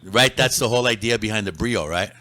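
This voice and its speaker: A male podcast host with a fairly low but bright, forward voice. He keeps his part short, dropping brief questions into a relaxed conversation. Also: no echo. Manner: brief interjections and quick questions.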